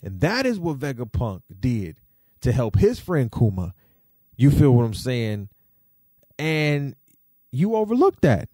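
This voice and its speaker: A man hosting a podcast, giving casual, slangy commentary that swings into animated rants. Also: mid-range voice, a little slow, long pauses, no echo, clean studio sound. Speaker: podcast host.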